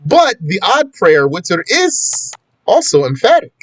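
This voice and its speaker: With a high voice whose pitch swoops wildly, a man teaches Islamic studies slowly, covering prayer as set out in a law text. Arabic quotations are recited first and then translated as he explains step by step. There is no room sound, and he keeps the tone plainly conversational, turning to students with asides.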